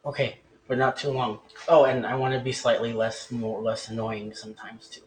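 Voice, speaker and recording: A man's voice: medium pitch, little pitch movement, moderate pace, low-quality recording. A man playing a tabletop game, talking in character in a hesitant, trailing way. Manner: hesitant, trailing off, lots of likes. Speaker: player.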